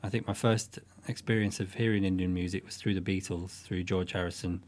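Low-voiced musician, halting. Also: male voice, fairly even intonation, a little mellow. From northwest England. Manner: thoughtful, halting, with restarts. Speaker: guest musician. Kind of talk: relaxed interview chat.

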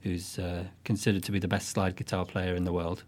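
A man from northwest England, a folk musician talking thoughtfully in an interview, often pausing and restarting. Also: low-pitched, monotone, a little mellow. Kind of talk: interview chat.

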